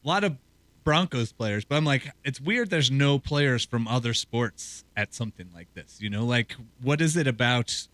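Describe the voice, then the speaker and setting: A man co-hosting a sports talk show as a hockey reporter, talking in a loose, rambling way with a hoarse, scratchy throat. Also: mid-range voice, animated, moderate pace, fairly bright tone, no room sound. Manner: loose, rambling conversational delivery.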